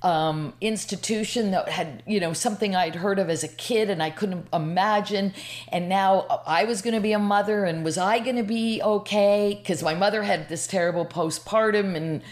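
A woman's voice: medium pitch, normal speed. A woman in her sixties from Canada, a podcast guest telling a personal story in a rambling, emotional way. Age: 60s. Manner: rambling, emotional, lots of restarts.

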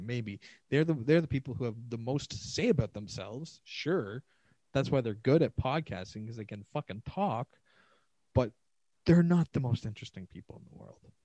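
A man's voice: mid-range voice, mellow, no room sound, rough recording. Solo podcast host, male comedian: loose, swearing, self-mocking ramble, dry close mic.

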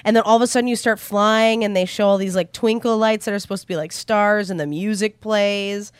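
A woman's voice: medium pitch, fairly even intonation, fairly quick, clear, resonant tone, no echo. A woman co-hosting a podcast, telling stories in a bubbly, giggly way. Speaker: podcast co-host. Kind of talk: casual chat.

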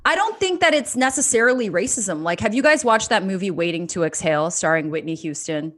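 A woman's voice: mid-range voice, expressive, brisk, a bit bright. A woman in casual chat, candid and profane, laughing often as she talks.

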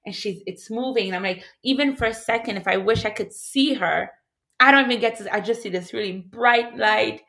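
A woman's voice: fairly high pitch, a little fast, gravelly, fairly bright tone. A woman in a candid, casual conversation, talking in an emotional, reflective way with many fillers.

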